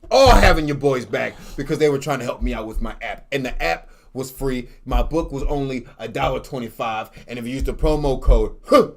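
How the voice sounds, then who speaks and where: A man's voice: mid-range voice, a little fast, gravelly, hardly any pauses. A man playing a boastful, swaggering male sports talker who mangles made-up words, in a comedic podcast bit. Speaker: show regular.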